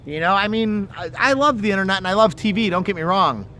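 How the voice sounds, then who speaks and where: High-voiced man rambling on a fishing stream. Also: fast, pushed and bright, a little hiss or hum. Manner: rambling, profane storytelling. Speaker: fishing livestream host. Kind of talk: casual chat. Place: outdoors fishing by water. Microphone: phone or camera on a livestream.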